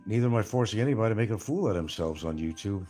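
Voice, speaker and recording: A man's voice: lowish voice, lively intonation, very fast, mellow, soft background music. A man hosting a casual livestream and answering viewer comments in a blunt, profane, combative way. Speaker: livestream host.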